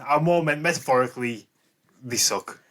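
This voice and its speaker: A man's voice: mid-range voice, moderate pace, a bit bright. A man, co-hosting a casual podcast, dry and teasing, speaking lazily and dropping letters. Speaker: podcast co-host.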